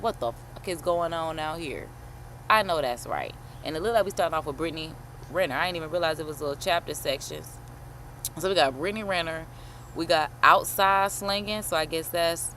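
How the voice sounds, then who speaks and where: A woman host chatting casually while reacting to a video, animated and slangy, swearing and calling listeners honey. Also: low-pitched, quick pace, a little hiss or hum. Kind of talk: casual chat.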